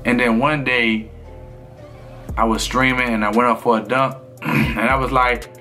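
A man's voice: medium pitch, steady tone, a little slow, bright, forceful tone, faint music behind. A man streamer in casual chat with his viewers, talking in a loose, rambling way full of fillers.

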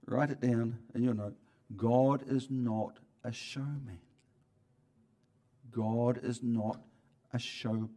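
With a medium-pitched voice, a male pastor preaches to his church in a chatty way. He restarts often and alternates between forceful, loud points and softer asides.

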